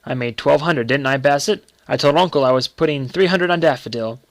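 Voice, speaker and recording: A man voicing an earnest, secretive young boy who speaks gravely and pleads with his uncle. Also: mid-range voice, fairly quick, dry recording, close to an everyday voice.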